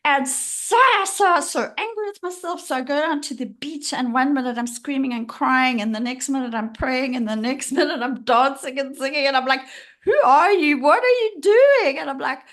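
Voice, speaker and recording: A middle-aged woman with a high voice talks as a podcast guest. She speaks with raw frankness about her feelings and laughs now and then between her words. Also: normal speed, few pauses, a bit bright. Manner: emotional, frank, laughs while talking. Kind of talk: candid personal conversation.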